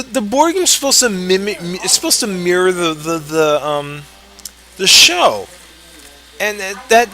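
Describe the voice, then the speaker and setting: Tired man, high bright voice, swearing rant about game rules, lots of restarts. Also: rough recording. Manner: profane, exasperated, rambling with many restarts. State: tired late at night. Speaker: board game player ranting. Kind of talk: casual ranting commentary.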